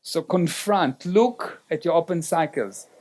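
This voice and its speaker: A man's voice: a little high, a little slow, darkish tone. A man giving a motivational seminar talk in non-native English, direct and often checking in with the audience. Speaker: seminar speaker.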